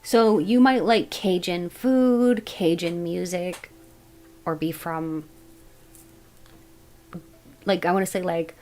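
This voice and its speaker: A woman giving a casual tarot reading, thinking aloud as she goes in a musing, unhurried way. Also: on the low side, fairly even intonation, a little mellow, faint music behind, poor audio. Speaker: tarot reader.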